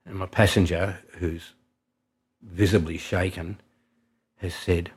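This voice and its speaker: A man's voice: low voice, level tone, slow, breathy edge. A man with an Australian accent, a taxi driver telling a vivid anecdote in colloquial, conversational speech. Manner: colloquial, vivid storytelling, drops quiet for tension. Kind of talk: spoken anecdote.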